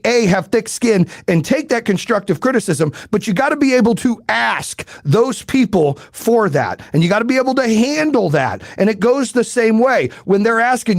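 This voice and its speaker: A middle-aged man talks straight at his listeners like a coach, with no polish and plenty of swearing. His voice sits slightly high, and the sound is dry and close with no room echo. He keeps throwing rhetorical questions at the audience. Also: gravelly. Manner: blunt, profane, emphatic. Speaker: podcast host and business coach. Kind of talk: motivational live-stream talk.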